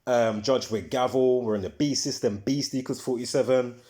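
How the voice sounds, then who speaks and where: A man hosts a live stream in a loose, conversational way, with a voice of ordinary middle pitch. He rambles from point to point and stresses his words emphatically. He often stops mid-thought to search his memory for a detail. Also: steady tone, moderate pace, dark tone. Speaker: livestream host. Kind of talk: casual livestream commentary.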